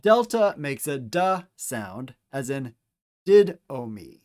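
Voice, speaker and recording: Guy teaching greek letters real slow, repeats every word, middle pitch. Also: lively intonation. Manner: slow, deliberate, repeats each example word. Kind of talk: slow instructional pronunciation lesson.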